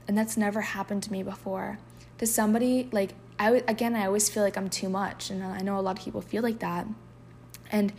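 A woman talks candidly and emotionally, full of casual "like" fillers, at a middling pitch. She shifts into reading poems aloud, sometimes softly whispering the lines. A faint hum sits under her voice. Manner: emotional, confessional, with frequent filler "like". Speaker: podcast host. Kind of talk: candid personal storytelling and poetry reading.

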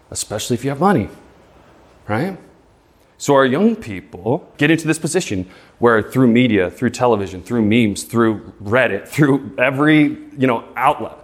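Man, 30s, presenter; mid pitch, emphatic and rhetorical, stumbles when excited. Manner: emphatic, rhetorical, keeps asking "right?"; gets excited and stumbles over repeated words. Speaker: speaker giving a talk. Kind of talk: live presentation to an audience.

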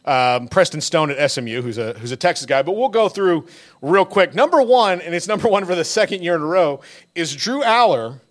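A man's voice: fairly high pitch, brisk. A man co-hosting a sports podcast, telling stories in casual chat and laughing through them. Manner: animated storyteller, laughs through his anecdotes. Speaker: podcast co-host.

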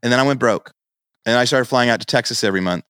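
A man's voice: medium pitch, quick pace, fairly bright tone, clean tone, no room sound, clean studio sound. A middle-aged man co-hosting a podcast, chatting casually and telling stories that he acts out in quoted dialogue. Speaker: podcast co-host.

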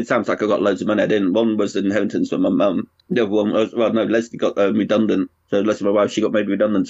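A man's voice: on the low side, a little mellow, slightly rough, no echo. Man, frank rambling chat, lo-fi, dry sound. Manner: chatty, rambling, frank with swearing. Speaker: brewer and pub owner, guest. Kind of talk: casual conversation.

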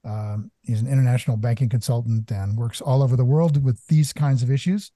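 A man's voice: medium pitch, steady tone, fairly quick, mellow, no room sound, clean studio sound. An older man hosting a podcast, jovial and joking in casual chat. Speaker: podcast host.

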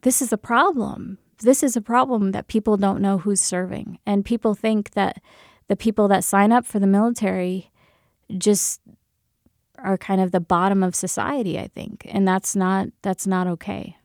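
A woman's voice: medium pitch, fairly even intonation, moderate pace, gravelly, a little mellow, no echo, studio quality. A woman and military veteran telling a personal story candidly, swearing freely and laughing as she goes.

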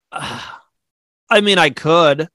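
A man co-hosting a casual sports podcast, relaxed and chatty, often laughing and restarting his sentences. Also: on the high side, drawn-out words, dry recording. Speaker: podcast co-host. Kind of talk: casual chat.

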